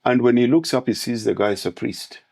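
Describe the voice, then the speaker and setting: A man's voice: mid-range voice, fairly quick, creaky, a little mellow. A man as a podcast guest on manhood, speaking in parables and analogies. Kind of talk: podcast conversation with storytelling.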